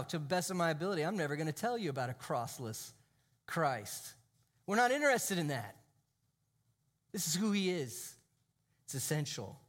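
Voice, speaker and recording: A male pastor preaching in a church, emphatic, drawing out key phrases and sometimes dropping to a near whisper. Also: fairly high pitch. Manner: drops to a hushed, almost whispered voice for emphasis. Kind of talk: sermon.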